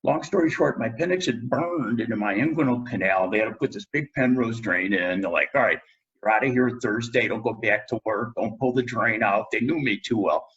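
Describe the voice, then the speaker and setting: Middle-aged male guest, husky low voice, lively storyteller doing quotes, muffled lo-fi recording. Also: brisk, few pauses. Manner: animated storyteller, acts out quotes. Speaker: guest dentist. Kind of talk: storytelling in a podcast interview.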